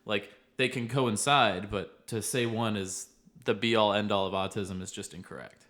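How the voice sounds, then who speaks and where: A man's voice: lowish voice, moderate pace, a bit bright. A young man, a behavioral therapist co-hosting a podcast, explaining things earnestly in casual chat and laughing easily.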